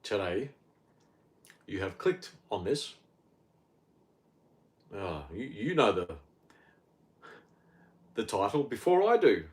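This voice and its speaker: A man's voice: lowish voice, big pitch swings, slow, pauses often, darkish tone. A man in his fifties with an Australian accent, hosting a casual health podcast monologue in a rambling, blunt and sardonic way.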